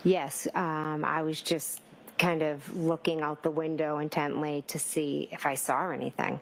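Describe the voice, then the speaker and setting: Woman witness on the stand, deep gravelly voice, halting answers full of fillers. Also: flat delivery, a little hiss or hum, rough recording. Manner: hesitant, many fillers and restarts. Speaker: trial witness. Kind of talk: courtroom testimony. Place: courtroom.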